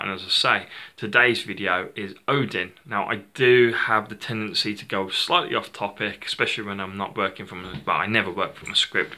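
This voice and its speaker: A man's voice: lowish voice, sharp tone. A man hosting his own channel, talking off the cuff in a rambling, chatty way, often correcting himself mid-sentence. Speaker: channel host. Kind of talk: unscripted casual monologue.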